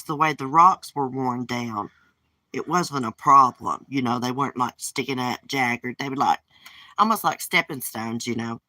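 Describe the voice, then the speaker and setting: A woman's voice: sits low, pushed and bright, dry recording. Blunt, gossipy woman on a porch. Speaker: livestream host. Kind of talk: casual live-stream chat. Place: outdoors on a porch.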